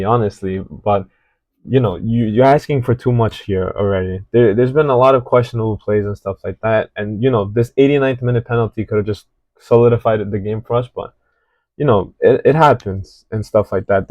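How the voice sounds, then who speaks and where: A man's voice: medium pitch, no echo, lo-fi sound. A man casually analyzing a football match, talking in a rambling, hesitant way with many fillers and restarts. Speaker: football reaction host.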